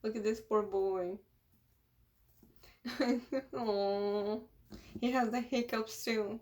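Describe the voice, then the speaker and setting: Female reactor, emotional and exclaiming, slow-paced casual commentary. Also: medium pitch, fairly even intonation, a little mellow. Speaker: anime reactor.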